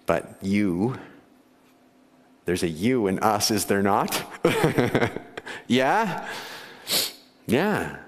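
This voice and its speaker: A man's voice: on the low side, lively intonation, extremely slow, long pauses. A man preaching a conversational sermon to his congregation, often laughing and asking them questions. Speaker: pastor. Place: church sanctuary. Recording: church hall with long reverb.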